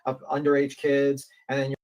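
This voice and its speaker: A man's voice: medium pitch, monotone, brisk, a little mellow, rough recording. A man from New York talking on a commentary channel, who rambles, swears and acts out the lines he quotes. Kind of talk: casual commentary chat.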